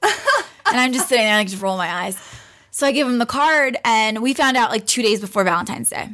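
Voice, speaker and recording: A young pregnant woman, on as a guest, tells a story in casual conversation with a fairly high, somewhat bright voice that swings widely in pitch at a brisk pace. She's chatty, acts out what other people said, and laughs a lot.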